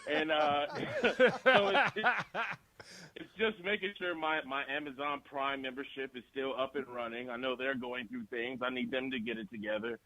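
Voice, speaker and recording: A man's voice: mid-range voice, normal speed, sharp tone, no room sound, poor audio. A male guest actor in a casual radio interview, talking loosely and animatedly with frequent laughs.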